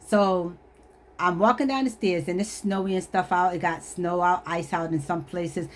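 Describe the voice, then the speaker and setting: A woman vlogger telling a personal story in an animated, emphatic way, often laughing at herself. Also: on the low side, normal speed. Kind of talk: storytelling testimony.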